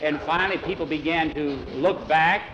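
Man, storyteller, animated, rambling, somewhat high voice, faint background noise. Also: moderate pace, roomy sound, lo-fi sound. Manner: animated, digressive, repeats "he said". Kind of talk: oral storytelling.

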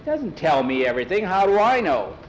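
A shifty stable hand, put on by a storyteller, talking in a gruff, sneering way. His voice sits a little raised and pushy. Faint noise behind. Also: high-pitched, very animated, brisk, pitched above the performer's own voice, poor audio.

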